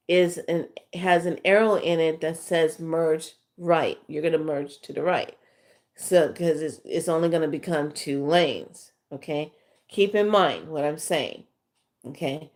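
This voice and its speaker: A woman's voice: low voice, darkish tone. A middle-aged woman, a spiritual teacher, telling rambling, chatty stories to her followers with fillers and acted-out quotes. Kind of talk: casual storytelling to followers.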